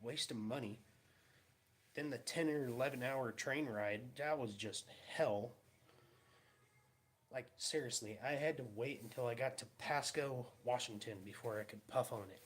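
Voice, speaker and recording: A man's voice: medium pitch, a little slow. A young man casually telling rambling, laughing stories in his garage and acting out the quotes. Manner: rambling, laughing storyteller who acts out quotes. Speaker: vlogger. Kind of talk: casual storytelling. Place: home garage.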